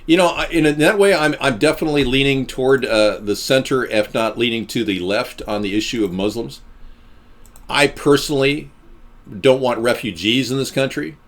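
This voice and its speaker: A man hosting a live stream, talking to his viewers in a sarcastic, ranting, jokey way and swooping between high and low voices. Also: normal speed, fairly bright tone.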